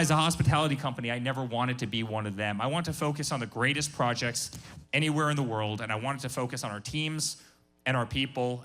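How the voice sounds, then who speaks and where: A man's voice: medium pitch, a bit bright. A man speaking as a guest business founder at a live workshop, emphatic and passionate, often repeating his words.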